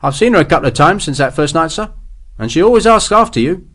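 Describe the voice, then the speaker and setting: A man's voice: on the high side, expressive, fast, fairly bright tone, pitched above the performer's own voice. A man voicing a tough, wry British army sergeant who talks bluntly and teases his officer. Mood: teasing.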